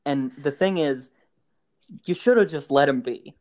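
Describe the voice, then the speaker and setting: A young man with a slightly high voice chats casually and tells a story. He rambles, restarts his sentences and laughs often as he goes. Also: a little slow, a little mellow. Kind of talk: casual podcast chat.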